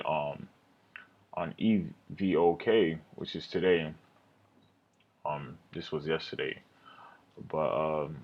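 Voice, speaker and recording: A man's voice: low voice, a bit bright, dull audio. A man recapping his day trades over a screen recording, rambling, self-critical and swearing often.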